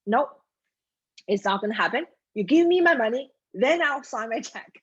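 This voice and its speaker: A man's voice: very high voice, lively intonation, moderate pace, fairly bright tone, slightly rough, highs cut off, heavily acted. A woman voicing a stubborn, impatient man who argues with a bank teller, in a pushy, demanding way.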